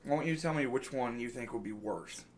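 A man's voice: medium pitch, a little fast, a little hiss or hum. A man co-hosting a casual podcast chat, rambling, laughing often and trailing off mid-sentence. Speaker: podcast co-host.

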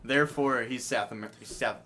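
A man's voice: medium pitch, brisk, pushed and bright. A young man co-hosting a casual podcast chat, speaking in a dry, teasing way and laughing often. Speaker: podcast co-host.

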